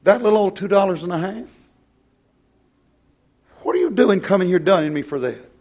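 A man's voice: sits high, lively intonation, moderate pace, a little mellow, breathy edge, voice pushed up. A man voicing an indignant male debtor who acts insulted when asked to pay. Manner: huffy, affronted.

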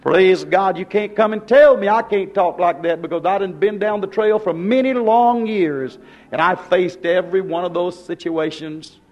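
A man's voice: sits high, moderate pace, a little mellow, muffled recording. An older man, preaching a fervent, exhorting sermon.

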